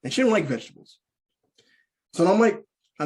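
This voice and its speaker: A man performing stand-up, telling a repetitive, animated story about parenting from the stage. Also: high-pitched, a little fast. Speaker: stand-up comedian.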